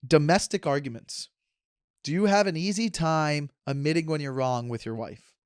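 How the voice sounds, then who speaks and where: Casual male podcast host, thirties, a touch high-pitched, sarcastic tangents, dry close-mic sound. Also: normal speed, clean tone, no echo. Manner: sarcastic, joking, talks in tangents. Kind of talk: casual rambling monologue.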